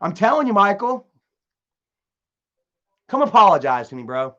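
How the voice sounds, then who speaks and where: A man's voice: high-pitched, big pitch swings, normal speed, pauses often, a bit bright. A young man live streaming, rambling and repeating himself while reading out viewer comments, often stumbling and restarting. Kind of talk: casual live stream chat. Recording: dull lo-fi stream audio.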